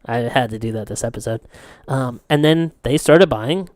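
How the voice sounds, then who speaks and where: A man's voice: mid-range voice, normal speed, a little mellow, no echo, clean studio sound. A young man co-hosting a podcast, telling rambling stories in casual chat, swearing freely and laughing often. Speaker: podcast co-host.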